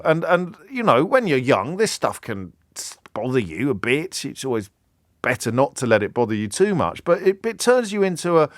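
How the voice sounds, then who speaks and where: A middle-aged English radio host talks in a reflective, conversational way, stumbling over restarts as he goes. His slightly raised voice swings widely in pitch. The studio sound is dry, with little room around it. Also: no echo. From England. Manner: conversational, many restarts, rising to impassioned questions.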